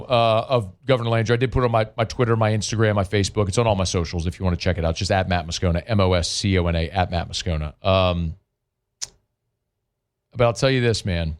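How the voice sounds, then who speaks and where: A man hosting sports talk radio, talking in a loose, conversational way with many fillers and restarts. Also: fairly low pitch.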